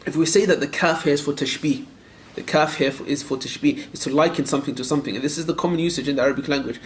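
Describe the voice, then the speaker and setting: A man teaching a room of students, his voice sitting a little high and moving at a quick clip. He presses them with direct questions and repeats phrases for emphasis. Verses are recited quickly, and a faint hum of ambience sits beneath him. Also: steady tone. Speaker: Islamic teacher. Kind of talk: classroom lecture on a creed text.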